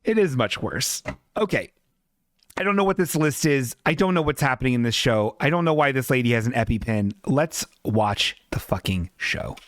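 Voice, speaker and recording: A man's voice: mid-range voice, animated, brisk, dry recording, studio quality. Sarcastic, profane man riffing. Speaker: podcast host. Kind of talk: casual live commentary over a TV show.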